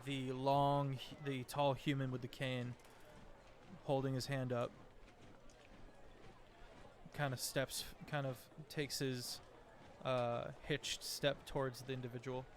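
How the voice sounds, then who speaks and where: A man narrating as game master in a tabletop role-play, with halting restarts. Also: mid-range voice, flat delivery, a little hiss or hum.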